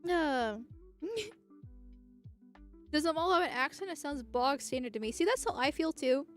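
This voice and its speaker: A young American woman, a political streamer, chats casually on a livestream in a high, lively voice that's a little slow and a bit bright. She rambles, restarts often and laughs a lot, with faint music playing behind her.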